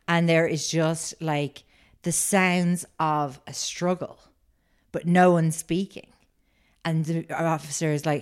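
A woman's voice: low voice, steady tone, takes it slowly, clear, resonant tone. A woman co-hosting a podcast, telling a story in a rambling casual way with many fillers. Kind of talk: casual chat.

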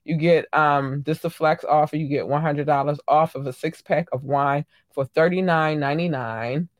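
A woman's voice: low-pitched, normal speed, no room sound. Chatty, effusive woman podcast host. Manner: effusive, warm shout-outs to listeners, frequent ums; animated, swings into loud excited bursts. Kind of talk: casual solo podcast chat.

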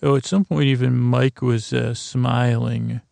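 A man's voice: medium pitch, steady tone, measured pace, gravelly, darkish tone, no room sound. A man hosting a sleep podcast, recapping a story in a meandering way full of restarts. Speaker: podcast host. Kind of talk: rambling bedtime recap.

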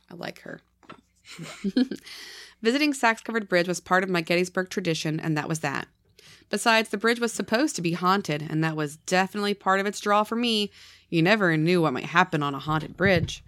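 A woman's voice: lowish voice, normal speed, no echo, clean studio sound. A woman, a podcast host whose voice is slightly scratchy from illness, chatting playfully and reading true ghost stories aloud. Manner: playful, laughs often, reads stories in a lively storytelling way.

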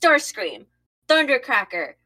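A young woman with a high, bright voice chats slowly and playfully on a fan podcast. She drags her words out and leans into mock-dramatic complaints. Casual co-host banter with a crisp, sharp tone. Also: very animated. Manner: playful, dramatic outbursts, swearing.

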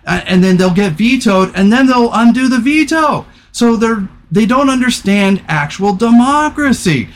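A man hosting a podcast in casual chat, animated and swearing freely, laughing often. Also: extremely high pitch, moderate pace, few pauses. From California. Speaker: podcast host.

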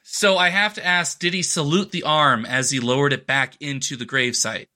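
A man co-hosting a casual podcast, throwing in quick, excitable joking asides. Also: fairly high pitch. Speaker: podcast co-host.

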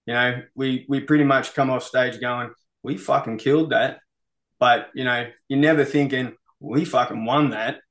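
A man's voice: mid-range voice, fairly even intonation, normal speed, fairly bright tone. A man with an Australian accent, a metal musician being interviewed, laid-back and sweary, saying "mate" often. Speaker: metal band musician, guest. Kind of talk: casual interview.

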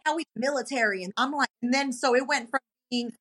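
A woman in her thirties, a podcast co-host, in casual chat, telling a story with animated quoted dialogue. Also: high voice, fast, few pauses, slightly rough.

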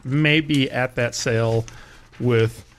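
A man's voice: medium pitch, fairly even intonation, slow pace. A man hosts a car-news podcast, reading headlines in a mid-range voice. He keeps breaking into laughter as he reads, and his tone stays casual and jokey. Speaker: podcast host.

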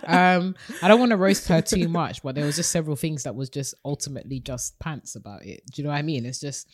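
A woman's voice: low-pitched, quick pace. A woman co-hosting a podcast, candid and opinionated with a wry humor. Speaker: podcast co-host. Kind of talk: casual chat.

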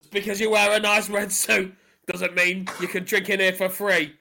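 A man's voice: high voice, monotone, moderate pace, vocal fry, bright, forceful tone, exaggerated voice. A man voicing a brash, boastful pub landlord who blusters and insults people, improvised in a role-play game. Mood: blustering.

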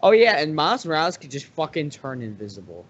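A man's voice: on the high side, sing-song, fast, fairly bright tone. A man from New York chatting about a movie, dropping wry, profane asides while his co-host recaps. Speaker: podcast co-host. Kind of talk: casual movie recap chat. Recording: dull lo-fi recording.

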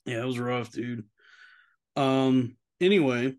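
A man's voice: medium pitch, normal speed, a bit bright. Rambling guy saying "dude" a lot. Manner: mimics voices when quoting others. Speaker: podcast co-host. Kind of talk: casual chat.

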